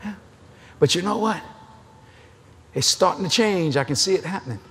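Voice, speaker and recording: A middle-aged man preaching a sermon at a convention, an animated, joking storyteller. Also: sits high, moderate pace, vocal fry, husky.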